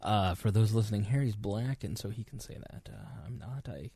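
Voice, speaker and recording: A man's voice: fairly low pitch, moderate pace, gravelly, a little hiss or hum. A man hosting a podcast, chatting casually and teasing his co-host before the show. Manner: teasing, animated, laughs often. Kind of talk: casual pre-show banter.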